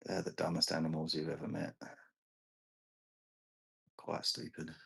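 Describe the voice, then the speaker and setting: A laid-back Australian man with an Australian accent, chatting casually on a live stream. His voice sits very low and has a husky grain. He tells stories easily and chuckles often. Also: completely flat delivery, a little slow, a bit bright, low-quality recording. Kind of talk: casual chat.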